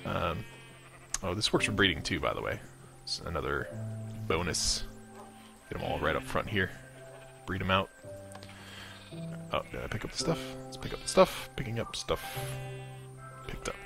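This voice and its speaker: A man casually chatting and loosely retelling a story while playing a video game, with excited outbursts at enemies. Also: deep voice, normal speed, gravelly, pauses often, over music. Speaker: gaming video host. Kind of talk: casual gameplay commentary.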